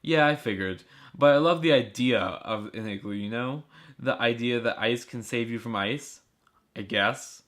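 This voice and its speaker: A man's voice: medium pitch, measured pace, a bit bright, lightly acted. A man voicing an eager, talkative young male soldier who rambles on, in an amateur audiobook reading. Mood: curious.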